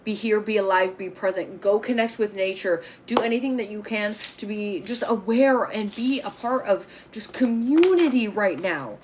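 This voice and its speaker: A woman's voice: medium pitch, moderate pace, hardly any pauses, background noise. A woman reading tarot cards on a spiritual vlog, speaking bluntly and with fiery emphasis, swearing freely as she makes bold declarations. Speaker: tarot reader.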